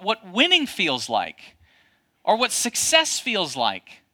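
A man preaching a sermon as a pastor, addressing his congregation with lively rhetorical questions. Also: sits high, slow.

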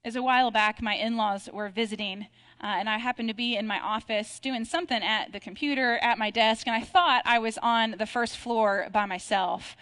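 A woman pastor in her thirties delivers a sermon with a somewhat high voice. She speaks in a reflective, conversational tone and slows down to draw out key lines of scripture. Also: fairly even intonation, a bit bright.

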